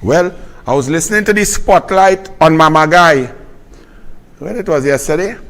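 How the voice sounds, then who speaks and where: A man with a Trinidadian accent hosting a political commentary monologue, sarcastic and mocking, swinging from loud outbursts to low mutters. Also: normal speed.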